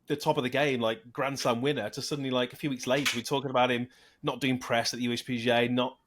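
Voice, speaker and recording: A man's voice: mid-range voice, flat delivery, background noise. A man co-hosting a podcast, talking casually with lots of fillers. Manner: quick, filler-heavy with lots of "like". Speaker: podcast co-host.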